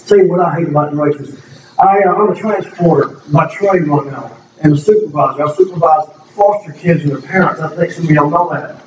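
A man's voice: fairly high pitch, fairly quick. A middle-aged man giving an earnest, rambling testimony to a congregation, speaking emotionally with frequent restarts. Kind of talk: casual spoken testimony to a congregation. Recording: echoey room, distant mic, dull and noisy.

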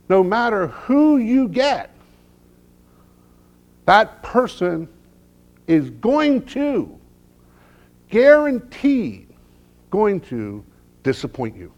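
Middle-aged male pastor preaching; lively, unhurried delivery, humorous storytelling, hushed lows and emphatic peaks. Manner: swings from hushed low lines to loud emphatic peaks. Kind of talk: sermon.

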